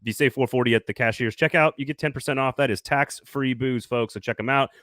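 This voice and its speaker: A man's voice: mid-range voice, fast, a bit bright, no echo, clean studio sound. A man hosting a casual sports talk show, upbeat and jokey, laughing often and doing sponsor reads. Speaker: podcast host.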